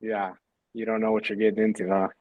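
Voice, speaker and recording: A man hosting a casual chat, laid-back and quick to react and laugh along. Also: lowish voice, flat delivery, dry recording, phone-quality sound.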